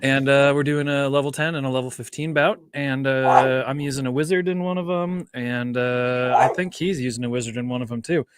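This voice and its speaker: A man's voice: mid-range voice, brisk, few pauses. A man chatting casually online in an easygoing, rambling way. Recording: home mic, faint noise, dog nearby.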